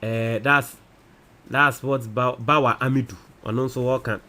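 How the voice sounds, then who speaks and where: A man with a Ghanaian accent, hosting a casual commentary show and reading out viewer comments, animated and mixing in local phrases. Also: medium pitch, moderate pace. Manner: animated, switches between Twi and English.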